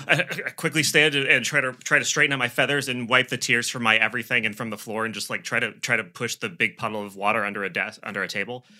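A man talks fast and earnestly in a comedic role-play, tripping over his words and restarting. His tone is bright and forward, and his pitch sits in a plain middle range. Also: steady tone. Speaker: guest player.

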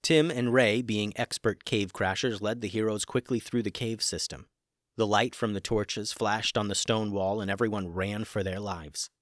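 Guy reading a kids adventure story, lively and dramatic, close dry mic. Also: fairly low pitch, normal speed, dry recording. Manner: animated, dramatic. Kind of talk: scripted children's story narration.

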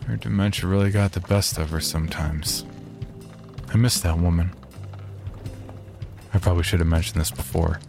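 A man narrating a horror story in the first person, in a calm, measured way. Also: deep voice, vocal fry, music in the background.

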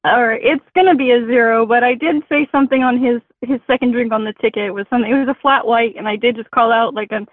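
A woman's voice: fairly high pitch, fast, few pauses, no room sound. A woman calling into a podcast, telling her story in a chatty, self-deprecating way. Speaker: caller. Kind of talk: casual phone call-in. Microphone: phone line. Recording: tinny dry phone line.

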